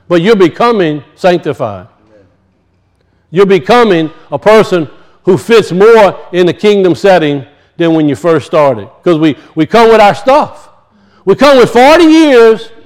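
In his sermon, the preacher speaks forcefully, slowing to define and teach words. He lets his voice fall low and gentle when he wants something to land.

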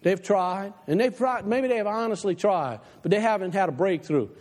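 A man preaching a passionate sermon to his church, dropping low and quiet for the advice he quotes, then climbing again. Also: normal speed, long reverb tail. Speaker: pastor. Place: church sanctuary.

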